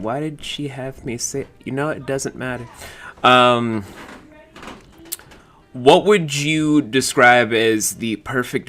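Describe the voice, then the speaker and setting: A man co-hosting a casual podcast, relaxed and reading out questions to his guest. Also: lowish voice, a little hiss or hum. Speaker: podcast co-host.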